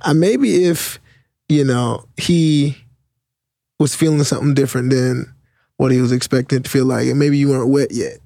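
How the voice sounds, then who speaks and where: Gravelly man chatting loosely. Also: medium pitch, moderate pace, no room sound, clean studio sound. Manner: loose, filler-heavy, thinks out loud. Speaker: podcast guest. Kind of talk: casual chat.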